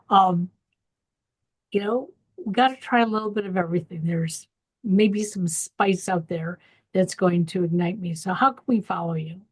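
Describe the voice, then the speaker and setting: A woman hosting a podcast interview, with a husky, slightly breathy voice. She encourages her guest and asks follow-up questions at an easy conversational pace. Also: medium pitch, poor audio. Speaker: podcast host. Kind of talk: casual interview chat.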